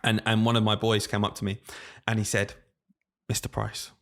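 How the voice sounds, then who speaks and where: A man's voice: fairly low pitch, brisk. A man in his late twenties, a teacher co-hosting a podcast, chatting casually and acting out classroom stories with quoted voices. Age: 20s. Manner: animated storytelling, acts out quotes. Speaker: podcast co-host, primary teacher. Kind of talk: casual chat.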